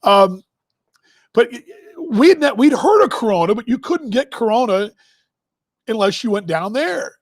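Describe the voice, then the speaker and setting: Rambling high-voiced man spinning stories. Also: very animated, measured pace, long pauses, no room sound. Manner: rambling, self-interrupting, chuckling asides. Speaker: broadcast host. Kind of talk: casual storytelling monologue.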